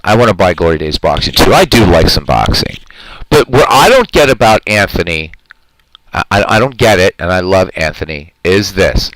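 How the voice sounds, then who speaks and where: Low-voiced earnest male stream host. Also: very animated, moderate pace, a bit bright, no echo, low-quality recording. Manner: earnest, rambling, heartfelt; reads and answers viewer chat. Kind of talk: casual live-stream chat.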